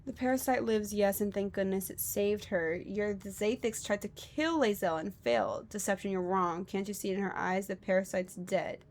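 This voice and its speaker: A woman streaming a game with casual commentary, who is expressive, swears freely and thinks aloud. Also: medium pitch, moderate pace, hardly any pauses. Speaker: gaming streamer.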